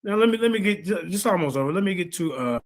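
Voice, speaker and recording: A man's voice: high-pitched, lively intonation, fast. A man hosting a livestream, combatively rebutting a rival and reading out sources with lots of repeated phrases. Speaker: streamer host.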